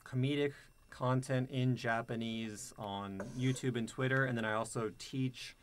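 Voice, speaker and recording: A man guests on a relaxed live stream. He speaks thoughtfully and hedges often as he explains things. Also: mid-range voice, measured pace, slight background noise. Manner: thoughtful, hedging with "like, you know". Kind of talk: casual live-stream chat.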